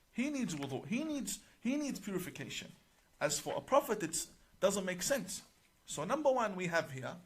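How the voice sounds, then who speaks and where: A middle-aged male imam with a somewhat raised speaking pitch explains a religious book to camera. He talks in a deliberate, emphatic way and slows down to stress key words. He also recites passages in Arabic. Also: fairly bright tone, slight background noise.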